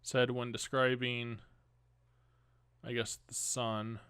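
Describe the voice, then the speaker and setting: Young male podcast host, unhurried news reading with offhand commentary, dry mic. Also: medium pitch, flat delivery, a bit bright, clear, resonant tone, dry recording. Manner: casual, rambling asides and self-corrections.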